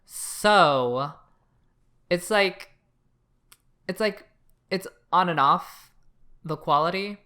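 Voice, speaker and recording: Blunt, sarcastic bright-voiced man from Canada. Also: high voice, drawn-out words, long pauses. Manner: blunt and sarcastic, swears freely. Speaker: podcast co-host. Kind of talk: casual podcast review chat.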